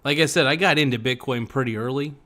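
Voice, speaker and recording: A man's voice: mid-range voice, quick pace, fairly bright tone. A man as a podcast guest in casual chat, crude, joking and rambling.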